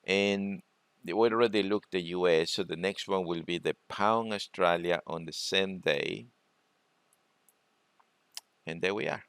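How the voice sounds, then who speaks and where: A man presenting a trading webinar, talking through charts in a halting way and often repeating words. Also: deep voice, fairly bright tone, smooth, dry recording. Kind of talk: screen-share trading lesson.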